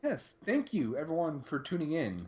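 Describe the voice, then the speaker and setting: A man's voice: a little high, big pitch swings, moderate pace, darkish tone. Rambling male co-host on lo-fi stream. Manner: rambling, conversational, lots of fillers. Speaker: podcast co-host. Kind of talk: casual live-stream chat.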